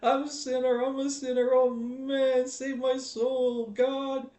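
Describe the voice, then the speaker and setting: A man's voice: extremely high pitch, flat delivery, slow pace, warm tone, roomy sound, voice pushed up. A man voicing a lovesick young man who whines melodramatically that he is weak and needs saving. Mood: melodramatic pleading. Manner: whiny, melodramatic. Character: lovesick young man pleading weakly for salvation.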